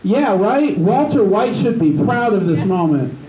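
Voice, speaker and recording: A man's voice: high-pitched, expressive, unhurried, warm tone. Guy doing open mic standup, rambly and sweary, keeps losing his place, echoey far-off room sound. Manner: rambling, profane, loses his thread with many restarts. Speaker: stand-up comedian. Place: open mic night in a gym bar. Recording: echoey, distant, dull live room recording.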